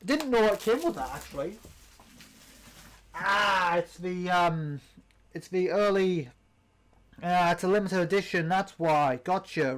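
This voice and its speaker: A young man from the United Kingdom hosting a casual unboxing vlog, rambling and chatty, with many ums and restarts. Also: on the high side. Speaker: channel host.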